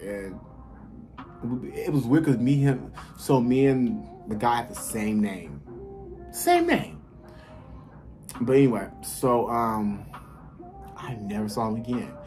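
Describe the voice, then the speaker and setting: A man telling a casual story to his viewers, animated and blunt, swearing freely and talking straight to them. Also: mid-range voice. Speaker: vlogger. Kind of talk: casual story time while eating.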